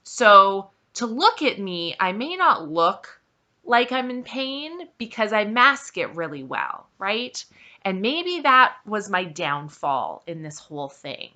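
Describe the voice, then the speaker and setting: A woman's voice: medium pitch, sing-song, slow, pushed and bright. A woman hosting her own vlog, telling a personal story to camera in a candid, emphatic and exasperated way. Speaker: vlog host.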